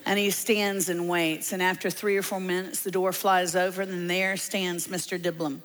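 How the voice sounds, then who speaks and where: A woman's voice: lowish voice, flat delivery, moderate pace, a bit bright. A woman preacher who tells her sermon as a humorous story full of asides. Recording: long hall reverb.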